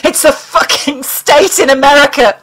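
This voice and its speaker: A woman's voice: on the high side, steady tone, moderate pace, natural voice, poor audio. A woman voicing a tormented, cursing captive man. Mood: furious. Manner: swearing, shouting, sobbing. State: wheezing, in pain.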